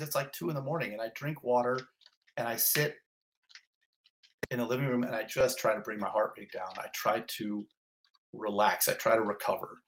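A man's voice: mid-range voice, a bit bright. A middle-aged fire captain telling his own story in an interview, intense and vivid in short repeated clauses. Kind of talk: personal storytelling in a podcast interview.

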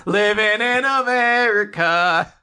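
A man's voice: high-pitched, noisy background. A young man casually recapping an anime episode as a podcast host, retelling scenes and acting out characters' lines. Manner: animated retelling, acting out lines in quick voices. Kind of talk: casual chat.

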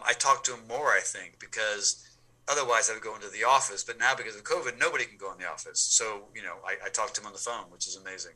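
Male interview guest, very bright tone, lively casual talk with frequent restarts. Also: lowish voice, low-quality recording. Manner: animated, repeats words when building a point.

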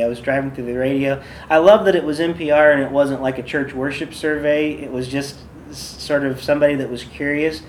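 A man's voice: a little high, a little hiss or hum. A man who leads worship, giving a casual workshop talk full of stories and loose asides. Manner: chatty, loose, with many fillers and asides. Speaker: worship leader and podcast host.

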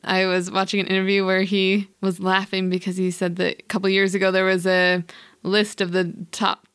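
A woman co-hosting a podcast in casual chat, enthusiastic and quick to laugh. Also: mid-range voice, monotone, fairly bright tone, clean tone, no echo, studio quality. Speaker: podcast co-host.

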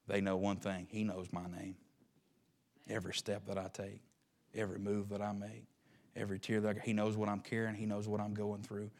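A man preaching a sermon with passion, rising to loud peaks and dropping to hushed murmurs. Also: on the low side, completely flat delivery, brisk. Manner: impassioned, swinging from loud rises to hushed murmurs.

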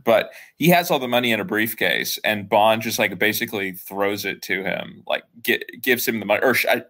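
A man hosting a casual film podcast, talking in a relaxed, chatty way with many fillers. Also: fairly low pitch. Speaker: podcast host.

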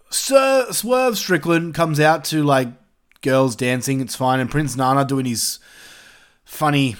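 A man hosting his own show, giving casual solo commentary in a profane, exasperated, ranting way. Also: medium pitch. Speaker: wrestling review show host.

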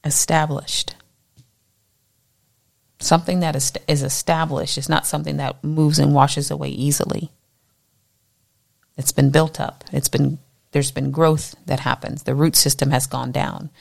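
Low gravelly woman teaching the Bible. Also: measured pace, pauses often. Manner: animated, acts out voices in quotes.

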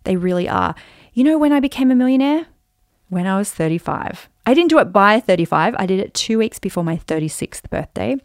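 A woman in her forties hosting a podcast, telling a personal story in an animated, chatty way with lots of fillers. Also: mid-range voice, a little fast, no room sound, studio quality. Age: 40s. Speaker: podcast host.

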